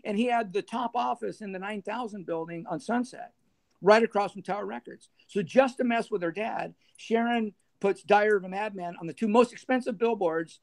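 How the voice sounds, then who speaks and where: Middle-aged male guest, raspy and fairly high, chatty anecdote-teller who laughs a lot. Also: normal speed. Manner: animated anecdotes, laughing, acting out others' voices. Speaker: guest, former band manager. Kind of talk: casual storytelling interview.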